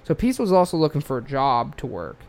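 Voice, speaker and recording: A man's voice: medium pitch, sing-song, a little fast. An Australian man telling a true-crime story in a loose, rambling way, full of swearing and fillers. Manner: rambling, profane, lots of fillers.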